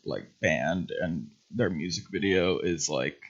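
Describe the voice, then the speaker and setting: Chatty gravelly man on a lo-fi stream. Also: deep voice, slow pace. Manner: laughs often, chatty and playful. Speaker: livestream host. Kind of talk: casual chat while painting. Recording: muffled lo-fi stream audio.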